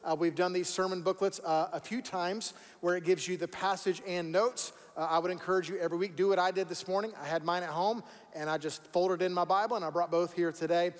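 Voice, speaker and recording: A man's voice: high voice, steady tone, a little fast, long reverb tail. A man preaching a sermon as pastor, conversational and repeating words for emphasis. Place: church sanctuary.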